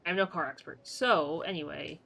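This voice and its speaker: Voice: mid-range voice, normal speed, vocal fry, pushed and bright, a little hiss or hum, rough recording. A streamer chatting casually on a live game stream, telling a rambling story full of fillers with a playfully sarcastic edge. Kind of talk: casual livestream chat.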